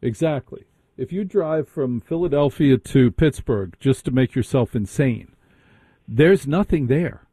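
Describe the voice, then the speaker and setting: A man's voice: medium pitch, expressive, unhurried, warm tone, breathy edge, no room sound. A man hosting a late-night call-in radio show, bantering and teasing callers with dry humor. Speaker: radio host.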